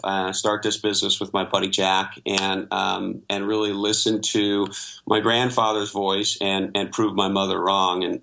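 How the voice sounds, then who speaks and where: A man's voice: low voice, creaky, sharp tone, a little hiss or hum. A middle-aged man from Canada, a guest in an interview, telling his life story in a reflective way with many fillers. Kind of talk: interview conversation.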